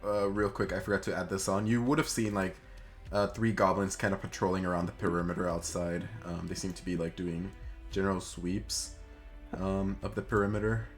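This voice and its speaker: A man's voice: deep voice, steady tone, fairly quick, soft background music. Young man narrating as game master. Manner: rambling, full of fillers.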